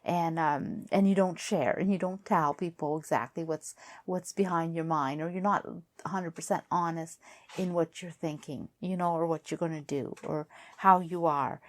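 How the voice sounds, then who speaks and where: A woman with a lowish voice reads tarot cards in a casual, thinking-out-loud way. Her voice is strained because she is losing it. She circles back over her words in halting, repeated phrases. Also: fairly even intonation. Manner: musing aloud, halting and repetitive. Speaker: tarot reader. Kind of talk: casual tarot card reading.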